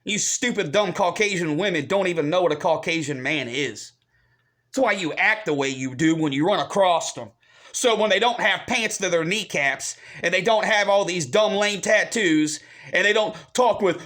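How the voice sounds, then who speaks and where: Man, high voice, angry vlog rant, swearing, heated. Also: normal speed, pushed and bright. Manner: heated, profane, repetitive. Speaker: vlogger.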